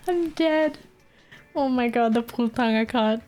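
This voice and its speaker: An Australian woman chatting casually on a live stream, giggling constantly and swearing freely. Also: high voice. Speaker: livestreamer.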